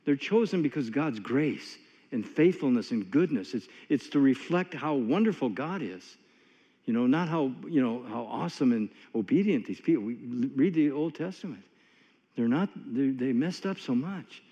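A man's voice: medium pitch, lively intonation, normal speed, mellow. A man preaching a sermon in a folksy, conversational way, telling stories with many asides. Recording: long hall reverb, dull lo-fi sound.

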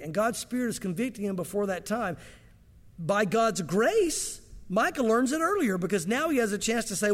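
Brief: conversational male pastor, high voice, echoing church hall. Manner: conversational preaching with asides. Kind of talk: sermon.

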